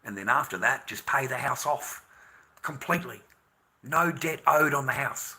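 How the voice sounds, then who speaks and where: An Australian man rants to camera in a bitter, swearing monologue. His voice is bright and sharp. He lurches from angry outbursts down to low, resentful muttering. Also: unhurried, long pauses, low-quality recording. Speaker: vlogger.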